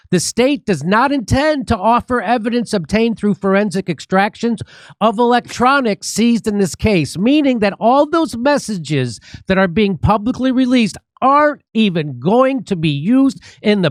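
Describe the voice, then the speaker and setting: A man's voice: high voice, dry recording. A man hosting a political talk show, sarcastic, building up a list of points one after another.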